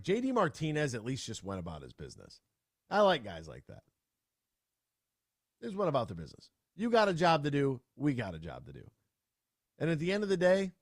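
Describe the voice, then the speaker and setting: Lively, ranting male sports radio host. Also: mid-range voice, no echo, studio quality. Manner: animated, ranting with sudden loud outbursts. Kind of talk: casual sports talk radio.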